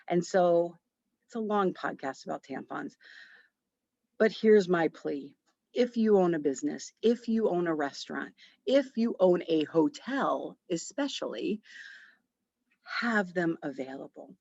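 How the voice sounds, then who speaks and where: A woman with a fairly low voice hosts her podcast and tells a story in a chatty, lively way, slipping into little acted bits of dialogue. The recording is dry and a little dull, with no room sound around her. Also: a little slow, vocal fry, dry recording. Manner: chatty and animated, with quoted dialogue and laughs. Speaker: podcast host. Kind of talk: casual storytelling monologue.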